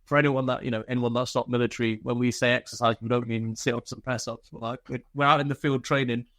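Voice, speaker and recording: A man's voice: medium pitch, level tone, quick pace, a bit bright. A man, an army veteran and podcast guest, telling casual stories with plenty of swearing and laughter. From United Kingdom. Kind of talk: casual storytelling.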